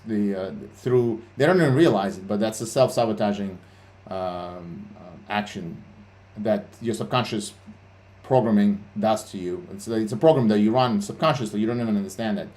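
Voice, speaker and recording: A man's voice: on the low side, normal speed, darkish tone. A man hosting a trading livestream, talking bluntly and swearing a lot, with many fillers and restarts. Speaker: CEO and livestream host. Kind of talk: casual livestream talk.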